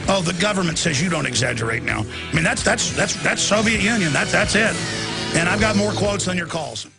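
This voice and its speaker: A man's voice: high voice, expressive, a little fast, creaky, music in the background. A man hosting a talk show, ranting in emphatic, sarcastic political commentary with frequent restarts.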